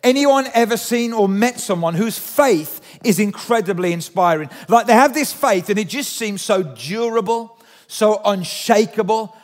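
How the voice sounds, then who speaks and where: A male pastor with a high voice delivers a sermon in a reverberant church hall. His manner is conversational, and he asks the congregation questions.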